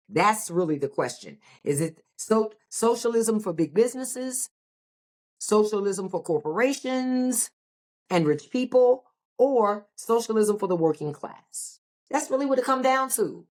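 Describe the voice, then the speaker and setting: Emphatic American woman podcast host. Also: mid-range voice. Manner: emphatic, repeats phrases for effect; rhetorical questions and asides. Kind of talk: political commentary monologue.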